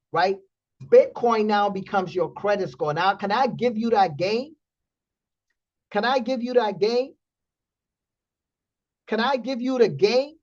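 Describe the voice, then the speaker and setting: A man hosting a trading community stream, telling a story in blunt, animated casual talk with profanity. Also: sits high, muffled recording.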